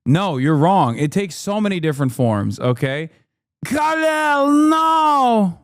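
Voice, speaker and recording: A man in his thirties hosting a stream, talking in a sarcastic, mock-serious way while his pitch swings widely. His voice is smooth and clear, recorded dry and close. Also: lively intonation, moderate pace, darkish tone, no room sound. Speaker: livestream host reacting to a video. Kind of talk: casual reaction commentary.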